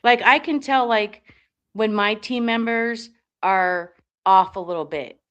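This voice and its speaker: A woman's voice: medium pitch, a little slow, a bit bright, smooth, muffled recording. A woman who is a paranormal investigator, talking bluntly in a casual chat, swearing and restarting her sentences.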